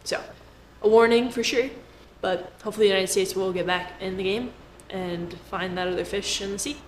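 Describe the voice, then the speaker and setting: A woman's voice: mid-range voice, a little fast. A woman giving a casual, chatty explainer to camera, with jokey asides. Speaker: finance commentator. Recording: roomy echo with faint background noise.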